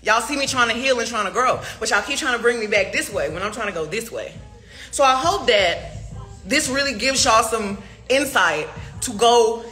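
A woman's voice: fairly high pitch, pushed and bright. A young woman in a heated, profane livestream rant, firing off rhetorical questions. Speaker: artist speaking to fans.

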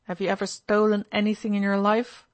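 A woman's voice: mid-range voice, completely flat delivery, a little fast, natural voice. A woman reading the part of an impulsive, brooding young man who talks in an expansive, feverish way. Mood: sly. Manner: expansive, feverish, then dreamy.

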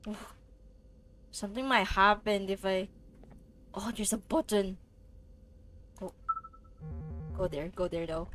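A woman's voice: mid-range voice, unhurried, long pauses, a bit bright, a little hiss or hum. A young woman streaming a horror game live, jittery and swearing, pleading with the game and screaming when scared.

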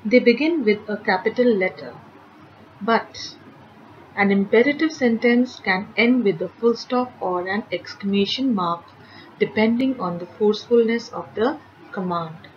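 Slow, careful woman teaching grammar. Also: medium pitch, highs cut off, slight background noise. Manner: slow, careful, clearly enunciated reading of example sentences. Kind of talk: grammar lesson for children.

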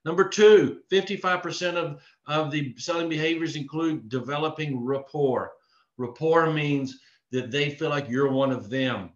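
A man's voice: a little high, a little slow. A man from Texas giving a live online sales training, earnest and repetitive in his coaching. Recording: echoey room, dull lo-fi sound.

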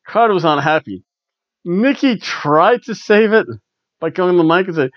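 A man's voice: fairly high pitch, big pitch swings, moderate pace, dry recording. A man hosting a casual wrestling review podcast, rambling wryly and chuckling often. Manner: rambling and wry, with frequent chuckles. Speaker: podcast host. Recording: dull lo-fi dry recording.

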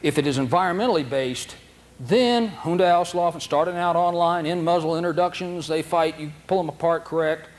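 A man teaching a dog training seminar in a folksy, animated way, acting out dogs' thoughts in silly voices, recorded on a noisy old video tape. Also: a little high, moderate pace. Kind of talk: seminar lecture.

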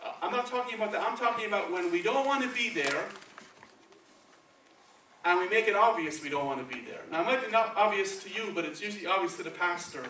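Talking fast in a high, bright, forceful voice, a man with a Spanish accent preaches a conversational sermon and keeps checking in with the congregation using "okay" and "right." The sound comes from far off in an echoey church sanctuary, with a little hiss or hum.

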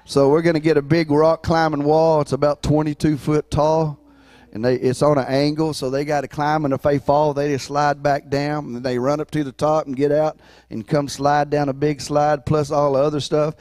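A man's voice: on the high side, level tone, moderate pace, darkish tone. A man, a pastor talking casually and rambling in folksy phrases during the church offering. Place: church sanctuary.

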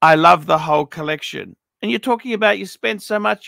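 A middle-aged man reviews a watch collection in a blunt, swearing rant. His voice sits high and gravelly, with a sharp, forceful edge. The sound is dry and close. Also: very animated, a little fast, few pauses, no room sound. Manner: blunt, profane, ranting advice. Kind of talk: unscripted paid review monologue.

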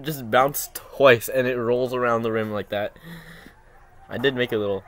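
A teenage boy hosting a casual reaction video at home, excitable and self-mocking, saying "bro" a lot. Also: medium pitch, moderate pace. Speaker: channel host reacting to his own old basketball video.

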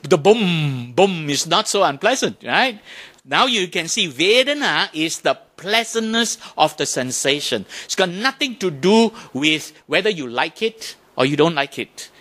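A man giving a Buddhist dharma talk to an audience, animated, often asking questions and imitating sounds to make his points. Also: a little high, a little slow. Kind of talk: lively talk to a temple audience.

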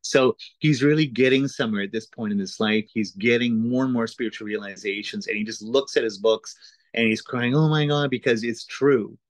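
A man's voice: fairly low pitch, brisk, dry recording, low-quality recording. A man teaching an introductory course in a casual, explanatory lecture style, talking informally with frequent "uh"s and "right?"s.

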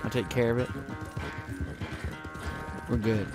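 A man streaming a video game live, giving excitable, joking commentary with frequent swearing. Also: fairly low pitch, slow. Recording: game music behind.

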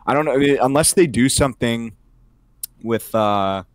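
A man's voice: mid-range voice, measured pace, dry recording. A young man co-hosting a podcast, talking crudely in casual chat with lots of fillers. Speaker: podcast co-host.

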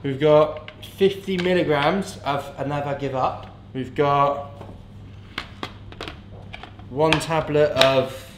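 A man's voice: on the high side, fairly even intonation, takes it slowly, long pauses, noisy background. A young man, a fitness coach, chatting casually in a vlog, joking and swearing freely. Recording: echoey room.

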